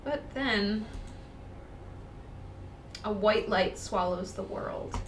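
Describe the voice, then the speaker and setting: A woman co-hosting a let's-play, reading the game's narration aloud and breaking into excited chatter. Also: medium pitch, very slow, distant mic. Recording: roomy echo, off-mic, faint noise.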